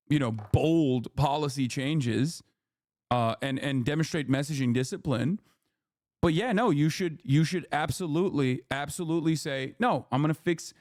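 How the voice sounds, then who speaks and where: A man's voice: a little high, no echo, clean studio sound. A man streaming live, giving heated political commentary, swearing a lot and stopping often to ask "okay?". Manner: profane, ranting, emphatic; repeats words and says "okay?" often.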